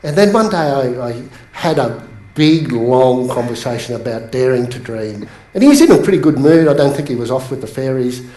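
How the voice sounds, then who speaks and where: Animated man coaching an audience. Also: moderate pace. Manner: animated storytelling, pitch jumps up for emphasis. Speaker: business coach. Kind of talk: motivational bootcamp talk to a seated audience. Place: training room with a live audience. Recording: echoey room.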